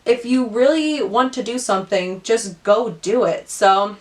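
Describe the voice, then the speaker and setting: A woman's voice: on the high side, measured pace, recorded from a distance. A woman in her twenties, a beauty vlogger chatting candidly while doing her makeup, full of "like" fillers and hard on herself. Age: 20s. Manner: chatty, lots of "like" fillers, candid and self-critical.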